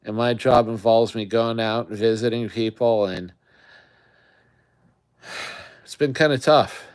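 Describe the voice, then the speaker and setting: A man's voice: mid-range voice, slow pace, clear, resonant tone. A man hosting a casual live chat, rambling and talking straight to his viewers. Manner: rambling, chatty, talks to viewers. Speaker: livestream host.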